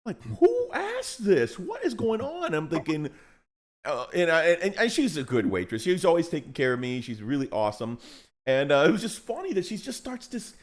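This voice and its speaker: A man with a high voice that swings wildly up and down as he tells stories. He chats casually on a hobby livestream and slips into other people's voices while telling a tale. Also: a little fast. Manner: animated storyteller, jumps into high voices quoting others. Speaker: co-host.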